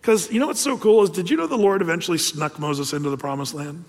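Male pastor, lively storytelling sermon; fairly high voice, reverberant hall. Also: fast talker. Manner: lively storytelling, asks rhetorical questions.

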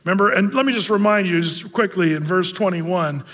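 Casting: joking male pastor, fairly high voice, loose and chatty, live church hall reverb. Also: a little fast, a bit bright. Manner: chatty, joking, many fillers and restarts. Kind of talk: casual verse-by-verse sermon. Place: church sanctuary.

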